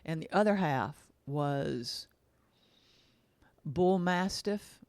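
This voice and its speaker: A woman's voice: sits low, lively intonation, drawn-out words, a little mellow, smooth, no echo. A woman casually telling a rambling story, repeating herself and acting out the dialogue she quotes. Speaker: vlogger.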